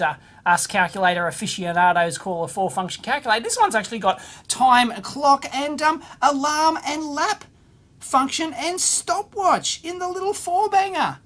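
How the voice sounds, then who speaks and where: This is a very high-pitched man's voice with a touch of brightness. He's middle-aged and presenting an electronics video, opening mail from viewers with loose, exclamatory talk that's openly scornful and packed with tangents.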